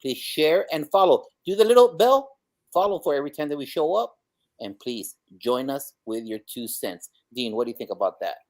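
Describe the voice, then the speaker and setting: A man co-hosting a live leadership podcast, energetic and exclaiming, swinging between loud bursts and quiet asides. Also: fairly high pitch, normal speed. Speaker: podcast co-host. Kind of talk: upbeat live-stream opening. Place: home in Texas.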